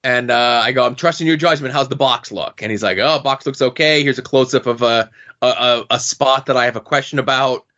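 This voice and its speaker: Man, podcast co-host, bright tone, lo-fi sound, profane, animated. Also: mid-range voice, a little fast. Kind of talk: casual chat. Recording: dull lo-fi podcast audio.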